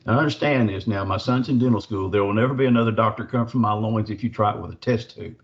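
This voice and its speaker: Folksy man, low voice. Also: fast talker, dull audio. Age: middle-aged. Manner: folksy, rambling, full of fillers and asides. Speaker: Bigfoot researcher, podcast guest. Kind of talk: storytelling an encounter.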